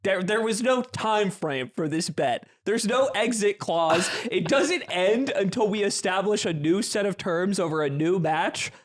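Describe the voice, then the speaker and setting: A man telling a long story in a casual podcast chat, animated and often laughing as he goes. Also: high voice, measured pace, few pauses. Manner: animated, laughing, restarts phrases.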